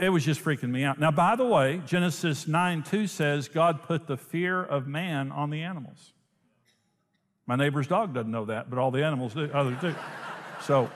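A man preaching a sermon, telling a story in an animated way and laughing often. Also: fairly high pitch. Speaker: pastor. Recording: long hall reverb.

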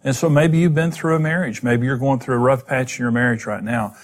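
A man's voice: mid-range voice, fairly even intonation, brisk. A man preaching in a reverberant hall. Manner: emphatic and plain-spoken, lists numbered points, often restarts words. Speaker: Bible teacher and program host. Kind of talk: sermon-style marriage teaching to an audience.

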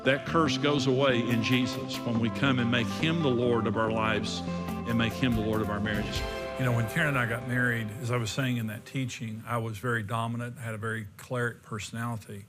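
A man's voice: medium pitch, steady tone, brisk, in a large hall, over music. A man preaching a sermon in an emphatic, repetitive way, often restarting his sentences. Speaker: pastor.

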